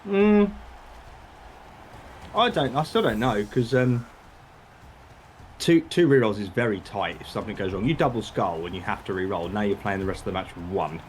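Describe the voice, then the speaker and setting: A man's voice: fairly low pitch, animated, fairly quick, slight background noise. A man from Britain co-commentating a video game match, dry and teasing, with thoughtful tactical takes.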